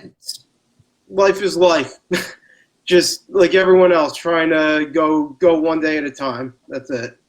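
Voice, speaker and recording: A man's voice: fairly high pitch, steady tone, slow. A man, a comic artist as an interview guest, giving short, laid-back answers over a video call. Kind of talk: casual interview chat.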